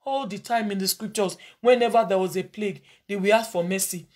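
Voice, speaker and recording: A woman's voice: mid-range voice, fairly quick, darkish tone. A woman pastor preaching and leading a congregation in earnest, pleading prayer, repeating short phrases of confession. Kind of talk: sermon with led prayer.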